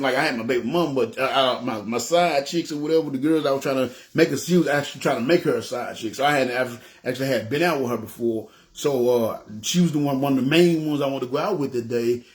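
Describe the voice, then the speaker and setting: Fast-talking man telling his story. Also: medium pitch. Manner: animated, acts out the voices of people in his story. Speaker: person giving a testimony. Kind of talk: casual storytelling testimony. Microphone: phone.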